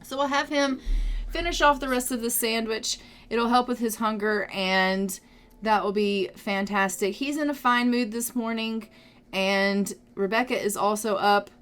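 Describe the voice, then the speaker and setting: A young woman casually narrating a life-sim game, chatty and gushing, thinking out loud as she plays. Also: a little high, unhurried. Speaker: gaming video creator. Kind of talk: casual let's-play commentary.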